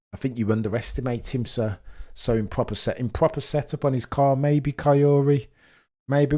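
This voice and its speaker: A young man giving a live watch-along commentary of a race, theatrical and wordy, swinging between grumbling and excited outbursts. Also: mid-range voice.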